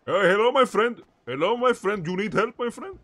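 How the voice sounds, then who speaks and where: A man doing a high, sing-song fake doctor. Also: animated, moderate pace, bright, forceful tone, heavily acted. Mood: fussing. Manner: sing-song, keeps repeating "my friend". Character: fake male doctor, overeager, with a put-on accent.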